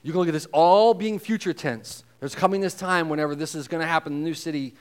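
A man preaching a sermon in a conversational way, slowing down to stress key phrases. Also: a little high, smooth. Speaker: pastor.

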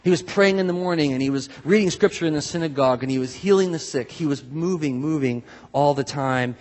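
Animated male pastor in a reverberant hall. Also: fairly high pitch, a little fast. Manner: conversational, animated, acts out quoted voices. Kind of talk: sermon.

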